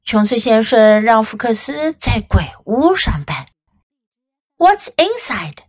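A woman English teacher reading a storybook to children and slowly explaining phrases. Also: fairly high pitch, sing-song. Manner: slow, clear, explaining and repeating for children.

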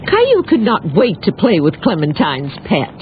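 Gentle woman narrating a children's cartoon. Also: mid-range voice, wildly swooping pitch, normal speed, slight background noise. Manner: gentle, clear storytelling. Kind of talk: scripted storybook narration for children. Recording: tinny lo-fi audio with loud music.

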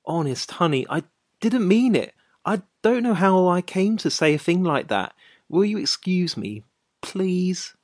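A woman's voice: lowish voice, very animated, a little slow, darkish tone, dry recording, studio quality. A woman voicing an anxious young man who pleads and grows exasperated in a dramatized story. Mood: pleading. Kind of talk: dramatized short story reading.

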